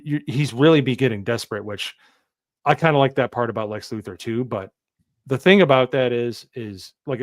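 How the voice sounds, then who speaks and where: A man of middle pitch shares his views on a film in a live review chat, circling around his points and restarting sentences as he goes. His voice sounds dry and close to the mic. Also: dry recording. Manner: rambling, many fillers and restarts. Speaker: movie review co-host.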